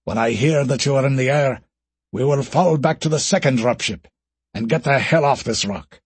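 A man's voice: mid-range voice, normal speed, husky, no echo. A man voicing a blunt male commander giving orders to hold the line. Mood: commanding. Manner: firm, commanding.

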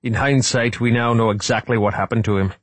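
A man's voice: mid-range voice, steady tone, a little fast, dry recording, pitched above the performer's own voice, natural voice. A man voicing a blunt, dubious male museum official who lectures his colleagues sternly. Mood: lecturing.

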